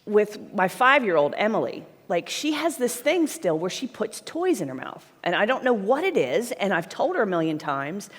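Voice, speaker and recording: A middle-aged woman gives a live sales seminar in a blunt, emphatic way, often turning to the crowd with a quick "right?". Her voice sits in a mid range, and it rings with the long reverb of a large hall. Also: medium pitch, big pitch swings. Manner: blunt, emphatic, talks to the audience with frequent "right?". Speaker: sales trainer speaking at a conference.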